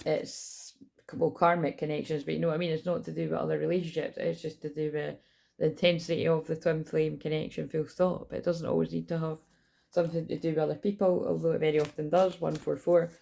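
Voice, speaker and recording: Gravelly-voiced woman rambling about tarot. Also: mellow. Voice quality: gravelly low voice. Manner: rambling, self-correcting, chatty. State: slightly sore throat. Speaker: tarot reader. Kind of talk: casual spiritual channeling talk.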